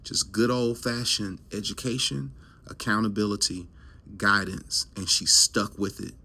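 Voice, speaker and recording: A man with a lowish voice and sharp tone speaks a little slowly as he hosts a health show. As a health coach, he gives a preachy, emphatic motivational monologue to camera, repeating himself and firing off rhetorical questions.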